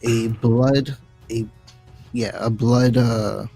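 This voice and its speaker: A man introducing his character at a tabletop game, relaxed and halting. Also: mid-range voice, gravelly, soft background music. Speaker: player.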